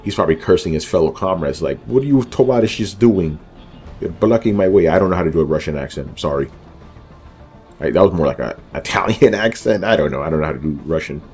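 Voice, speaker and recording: A man's voice: very deep voice, quick pace, faint music behind. A man giving casual commentary over a video game walkthrough, rambling loosely with lots of fillers and joking asides about himself.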